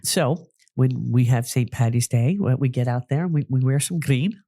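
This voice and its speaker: A man's voice: mid-range voice, moderate pace, mellow, no echo. Chatty man from New Jersey, dry close sound. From New Jersey, United States. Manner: chatty, storytelling, with frequent restarts. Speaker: podcast host, psychic medium. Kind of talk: casual solo podcast talk.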